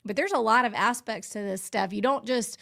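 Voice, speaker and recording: A woman's voice: on the high side, fairly quick, gravelly, a bit bright, no echo, studio quality. A woman guest, a former state legal official, explaining her work in an articulate, explanatory way. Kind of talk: interview answers.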